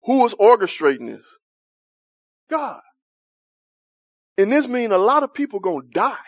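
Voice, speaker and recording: A man leads a Bible study in a loose, conversational style, often putting questions to the group and laughing along. His voice sits fairly high. The sound is close and dry. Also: very animated, measured pace, no echo. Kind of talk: interactive Bible study teaching.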